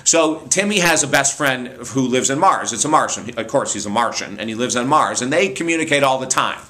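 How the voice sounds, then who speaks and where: A man speaker and author telling funny true stories in an animated, amused way, laughing often. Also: medium pitch, brisk. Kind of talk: storytelling monologue.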